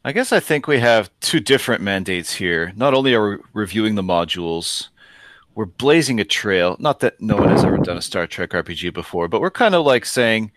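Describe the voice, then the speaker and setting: Low-voiced man, dry close mic. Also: expressive, fairly quick, a bit bright, no room sound. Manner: thoughtful, with many restarts. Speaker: game master and podcast co-host. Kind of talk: casual podcast discussion.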